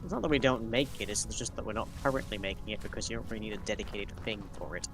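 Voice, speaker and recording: A man with a somewhat low voice chats on a stream. He explains things dryly and matter-of-factly. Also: rapid-fire, over music. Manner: dry, explanatory. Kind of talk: casual chat on a stream.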